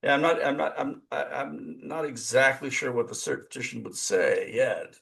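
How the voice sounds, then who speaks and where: Interviewer, male professor, gravelly fry, hesitant, restarts often, mid pitch. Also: fairly bright tone. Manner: halting, many uh's and restarts. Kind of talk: webinar interview questions.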